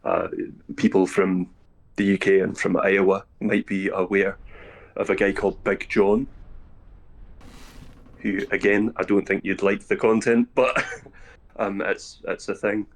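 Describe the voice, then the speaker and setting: A man's voice: low voice, flat delivery, measured pace, long pauses. A man calling in to a live stream, talking casually and hesitantly with many fillers. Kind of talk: casual chat.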